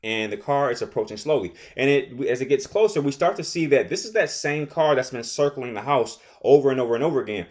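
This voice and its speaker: A young man casually recapping a TV episode, rambling and animated, often acting out characters' lines. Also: mid-range voice, brisk, few pauses. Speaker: show recap host.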